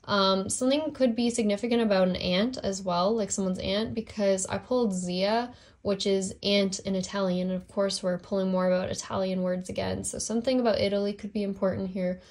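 A woman's voice: medium pitch, steady tone, a little fast, darkish tone. A young woman giving a casual tarot reading at home, rambling through many fillers and apologizing for her slips. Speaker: tarot reader.

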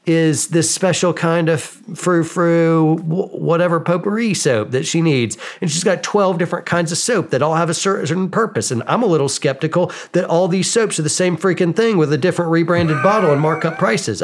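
A man, a podcast guest, telling casual stories about himself in a lively, self-mocking way, acting out bits of dialogue. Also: fairly high pitch. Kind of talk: casual storytelling. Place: podcast studio.

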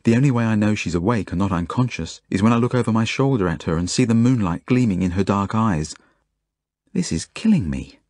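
A man's voice: lowish voice, fast, few pauses, a little mellow, no echo, clean studio sound. A man with an Australian accent, an author reading his own novel as first-person audiobook narration in a plain, earnest way.

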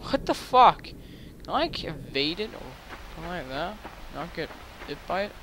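A man giving excitable gaming commentary into a headset mic, swearing often and breaking into sudden yelps and shrieks. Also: on the high side, normal speed. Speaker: let's play gamer.

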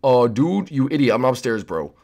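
A man's voice: medium pitch, sing-song, moderate pace, creaky, mellow, voice pushed down. A man doing a slangy bro dude. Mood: laid-back. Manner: slangy, drawling. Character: laid-back young dude who says bro. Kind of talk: Minecraft roleplay.

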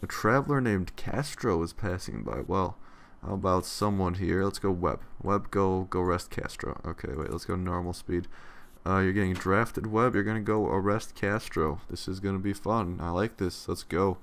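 A man's voice: sits low, normal speed, few pauses. A young man giving casual, rambling gameplay commentary, swearing freely and yawning often. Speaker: let's play commentator.

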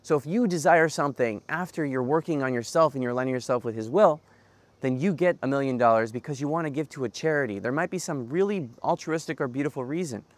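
A man's voice: medium pitch, quick pace, no echo. A young man talking earnestly to camera in a reflective vlog monologue, often repeating phrases for emphasis. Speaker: self-help vlogger.

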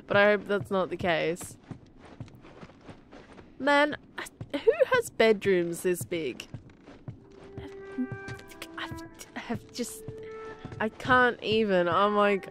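A woman's voice: mid-range voice, animated, slow pace. A woman giving casual let's-play commentary, chatty and giggly, talking to the game characters as she plays. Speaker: gameplay commentator.

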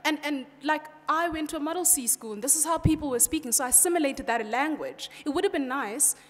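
A woman's voice: high-pitched, quick pace, fairly bright tone. A young woman from South Africa with a British-sounding South African English accent, giving a passionate conference speech in a direct way, often saying "you know". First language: Xhosa. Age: young adult. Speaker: student speaker. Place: large hall. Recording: long hall reverb.

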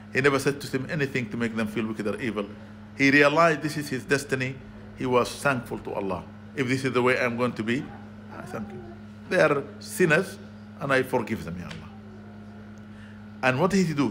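A man's voice: mid-range voice, a bit bright, a little hiss or hum. A man giving a sermon as a spiritual advisor, earnest and emphatic, weaving Arabic phrases into his talk and rising to pointed exclamations. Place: community venue.

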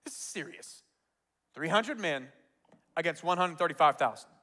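Speaking at a normal pace with a fairly high pitch, a man preaches to a large church auditorium. As pastor, he animates his stories by acting out the quotes, and he laughs often.

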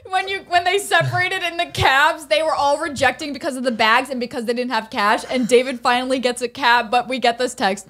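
A woman's voice: high voice, moderate pace, a bit bright. A young woman guest on a podcast, giggling as she reads out group chat texts in casual talk. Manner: giggly, reading out texts between laughs.

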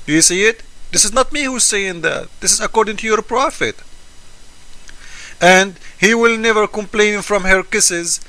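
A man's voice: high voice, bright, forceful tone, no room sound. A man doing a mocking commentary, sarcastic and incredulous, often repeating words in disbelief.

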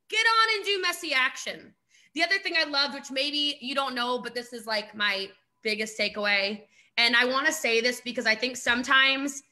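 A woman coach giving an animated, emphatic motivational talk on a video call, often laughing and putting on mock voices. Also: on the high side. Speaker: network marketing coach.

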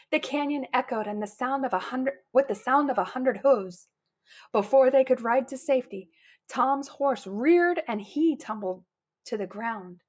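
A woman reading a children's picture book aloud, bringing the characters' lines to life with lively put-on voices. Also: high voice, measured pace. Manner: animated, putting on lively character voices for quotes. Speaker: storybook reader.

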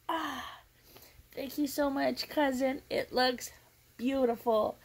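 A woman's voice: sits high, steady tone, takes it slowly, low-quality recording. A woman vlogging as she opens a gift, talking emotionally and gushing, often tearful and laughing. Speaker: crafting vlogger. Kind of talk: unboxing vlog.

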